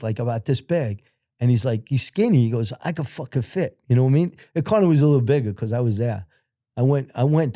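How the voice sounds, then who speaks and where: Profane older man telling a crime story. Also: medium pitch. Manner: profane, animated, acts out other people's voices. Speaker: podcast guest telling crime stories. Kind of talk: casual storytelling.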